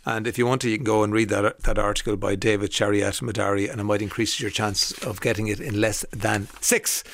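A man's voice: fairly low pitch, fairly even intonation, a little fast, fairly bright tone. An Irish man presenting a radio show, chatting casually through anecdotes with frequent fillers and restarts.

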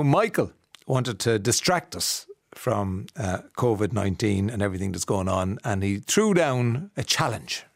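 A middle-aged Irish man hosting a radio show in a relaxed, chatty and amused way, reading out listener messages. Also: mid-range voice, vocal fry, dry recording, studio quality. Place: radio studio.

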